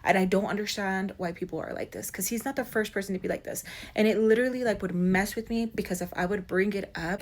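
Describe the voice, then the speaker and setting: A woman telling a personal story in a casual vlog, animated and expressive, often saying "like" and "y'all", swinging from loud bursts to hushed asides. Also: mid-range voice, fast talker. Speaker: storytime vlogger.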